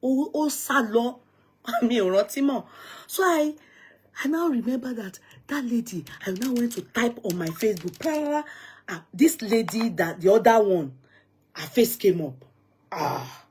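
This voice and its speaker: A middle-aged woman with a Nigerian accent, telling a personal story with dramatic swings from hushed whispers to loud outbursts. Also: on the high side, expressive, normal speed, slight background noise. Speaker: vlogger.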